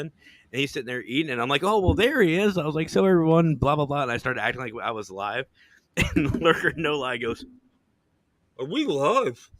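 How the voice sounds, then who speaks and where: A man hosting a podcast, telling stories in a relaxed, joking way, swearing freely and laughing often. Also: medium pitch, no echo. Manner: laid-back, swearing, laughing storyteller. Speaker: podcast host. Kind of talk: casual chat.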